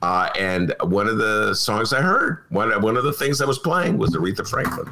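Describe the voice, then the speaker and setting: A man with a fairly low, bright, forceful voice talks at a moderate pace with few pauses, and slight background noise can be heard. He hosts a talk show from his apartment, giving a comic casual monologue in a mock-outraged, theatrical style and cracking up at his own jokes.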